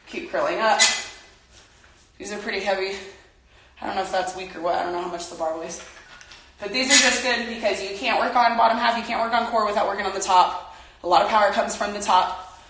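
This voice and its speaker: Out of breath and chatty, a young workout instructor talks while exercising in a home room, her medium-pitched voice steady and fairly quick, broken by long pauses. The very echoey recording is made from a distance and carries background noise.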